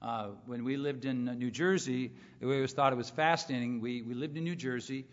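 A man's voice: mid-range voice, fairly even intonation, brisk. A man from California preaching a sermon to a congregation in an earnest teaching tone, with emphatic rises. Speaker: pastor. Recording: muffled hall with long reverb.

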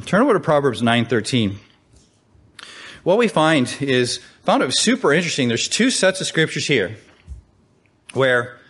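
A man preaching a sermon, conversational and animated, often asking the listeners questions and rising in pitch to stress quoted calls.

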